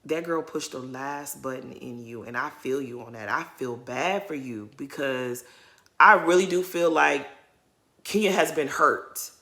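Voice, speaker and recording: A woman giving opinionated, animated commentary as she recaps a reality TV episode for her viewers. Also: very deep voice, measured pace. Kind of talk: casual commentary vlog.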